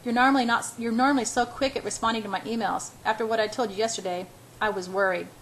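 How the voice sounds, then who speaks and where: A woman's voice: on the high side, steady tone, fast talker, fairly bright tone, a little hiss or hum, rough recording. A woman reading the lines of a commanding, possessive young male executive who is stern one moment and dryly teasing the next. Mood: worried. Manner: stern, then dry and teasing.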